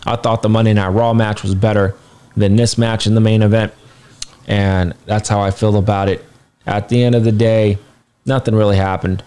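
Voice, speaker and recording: A man's voice: on the low side, little pitch movement, normal speed, mellow, clean tone. A man casually reviewing a wrestling show, blunt and rambling, swearing now and then, sounding tired. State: tired, yawning.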